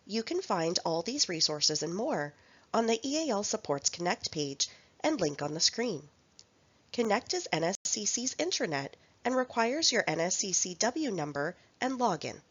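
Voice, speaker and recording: Woman reading an announcement, a bit husky, muffled lo-fi sound. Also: mid-range voice, normal speed. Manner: even, informational read-out. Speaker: narrator of a college resource announcement. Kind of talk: scripted announcement. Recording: dull lo-fi recording.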